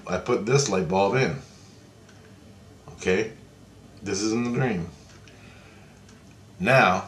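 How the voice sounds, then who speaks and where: A man's voice: lowish voice, a bit bright, a little hiss or hum. A man casually telling a long story in a rambling, repetitive way, swearing freely. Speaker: vlogger. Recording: echoey room.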